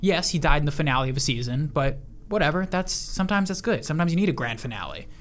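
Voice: mid-range voice, expressive, fast. Laid-back opinionated podcast co-host. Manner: laid-back, swears casually, opinionated recommendations. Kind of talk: casual chat.

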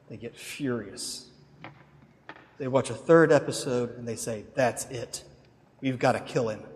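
Man, preaching, dramatic storytelling, slightly high voice, long hall reverb. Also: a little mellow. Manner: dramatic storytelling with acted quotes. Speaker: pastor. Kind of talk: sermon.

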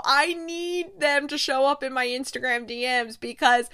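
A young woman hosting a casual TV recap, gushing and excitable as she talks. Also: sits high, measured pace, few pauses. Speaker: podcast host.

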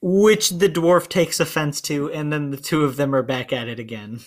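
A game master narrating a tabletop role-playing game, pausing often with lots of fillers. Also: mid-range voice. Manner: hesitant, many fillers.

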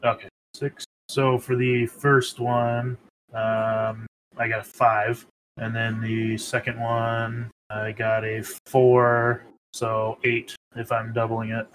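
A man's voice: medium pitch, completely flat delivery, slow pace, fairly bright tone, a little hiss or hum, poor audio. Hesitant man player in a tabletop game. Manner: hesitant, many ums and restarts. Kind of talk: casual tabletop game play over voice chat.

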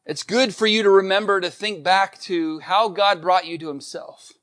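A man's voice: high voice, moderate pace, fairly bright tone. A middle-aged man preaching a sermon, earnest and emphatic, repeating key points. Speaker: pastor.

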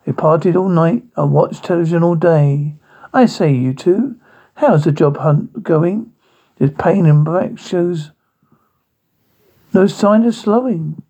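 Brief: man doing a fussy, proper storybook pig, higher, husky. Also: warm tone, full character voice. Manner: prim, fussy, rhyming. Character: prim, put-upon smart male pig.

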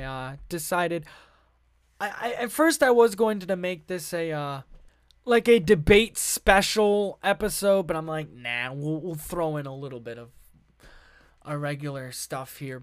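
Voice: medium pitch, dry recording. A podcast host who reads news articles aloud in a casual way, with many fillers, restarts, offhand asides and frank swearing. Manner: offhand asides between read passages.

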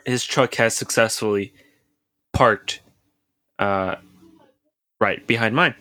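Young guy, bright and dry close-mic sound, rambling storyteller who swears freely. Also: medium pitch, dry recording. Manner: profane, rambling, lots of restarts and filler words. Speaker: podcast co-host telling a story. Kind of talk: casual storytelling chat.

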